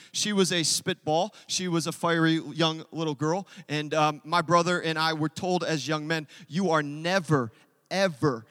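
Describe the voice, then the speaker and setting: A man preaching a sermon, telling a story with lively acted-out quotes and asides. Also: fairly high pitch, smooth, long reverb tail. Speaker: pastor.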